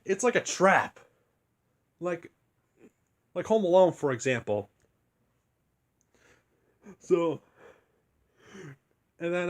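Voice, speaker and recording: A young man quietly retelling a story in a rambling, casual review, keeping his voice down so he won't wake anyone. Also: high-pitched. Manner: rambling, hushed to keep from waking others.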